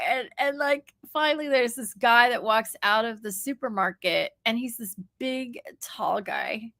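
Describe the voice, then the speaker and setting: A woman in her fifties, a livestream host, telling a long personal story in a rambling, halting way with many restarts. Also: high-pitched, pushed and bright, dry recording, clean studio sound.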